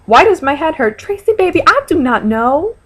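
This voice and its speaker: A woman's voice: high voice, sing-song, moderate pace, a bit bright. A young woman vlogger answering viewer questions in a casual, frank and playful chat, with lots of fillers. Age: young adult.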